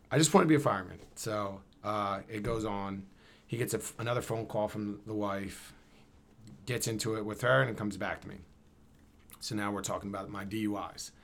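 A man tells a long personal story in a relaxed, slangy way. He keeps acting out both sides of the conversation, and his voice sits a little low. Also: moderate pace, vocal fry, a little hiss or hum. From Camden, New Jersey. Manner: animated, slangy, acts out dialogue. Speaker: guest. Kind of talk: casual storytelling.

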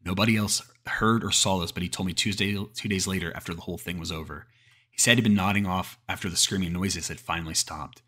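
A man's voice: deep voice, sharp tone. A man narrating a creepypasta horror story in a cursing, casual way, often restarting mid-sentence.

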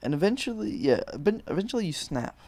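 A man co-hosting a podcast, telling a story in a casual, animated way, swearing a lot and acting out quotes. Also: high voice, fast. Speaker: podcast co-host.

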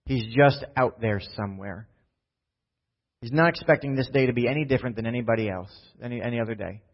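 A man's voice: mid-range voice, fairly quick. A man preaching a sermon in a casual storytelling manner, often checking in with "right?". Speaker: pastor. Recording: dull lo-fi sound.

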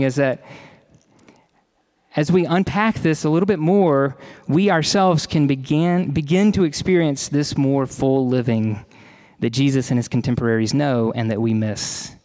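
A man preaching a sermon to his congregation, measured and conversational, slowing down to stress key words and adding casual asides. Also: on the high side, darkish tone. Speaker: pastor.

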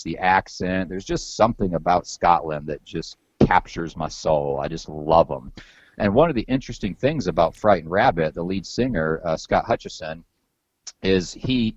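A man's voice: deep voice, normal speed, breathy edge, no echo, muffled recording. A man hosting a podcast in casual chat, rambling and loose with some swearing and many repeated words. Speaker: podcast host.

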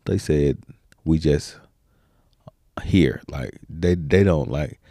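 A man's voice: a bass voice, slow pace, dark tone, dry recording, studio quality. A man co-hosting a podcast, easygoing and playful in slangy casual chat. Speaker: podcast co-host.

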